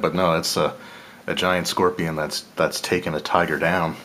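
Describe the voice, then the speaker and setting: A male channel host reviews game cards in a casual unboxing chat, his voice low and unhurried. He sounds relaxed and thinks aloud, with small laughs and self-corrections, over a faint background hum.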